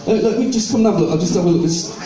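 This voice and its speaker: High-voiced older man telling jokes. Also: very fast, dark tone. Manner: chatty storytelling, acting out other people in joke dialogue. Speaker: stand-up comedian. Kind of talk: stand-up comedy with audience banter and sing-along. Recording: echoey venue, mic heard from a distance.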